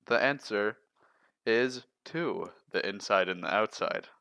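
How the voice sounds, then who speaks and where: A man's voice: fairly low pitch, slow pace, vocal fry, smooth, no echo. Young man reading riddles off a list. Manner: reads long riddles in a steady listing way. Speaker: podcast co-host. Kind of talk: casual chat, reading riddles aloud.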